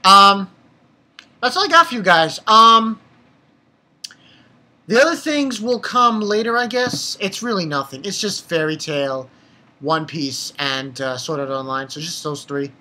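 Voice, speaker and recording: A young adult anime reviewer giving a casual episode recap, rambling and excitable and swearing freely. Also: medium pitch, unhurried.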